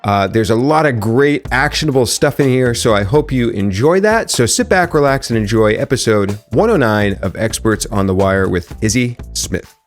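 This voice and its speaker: A man's voice: medium pitch, animated, normal speed, faint music behind. A man hosting a podcast, introducing the episode and interviewing his guest in an upbeat, friendly way. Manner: upbeat, friendly, jokes about radio-announcer voice. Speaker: podcast host.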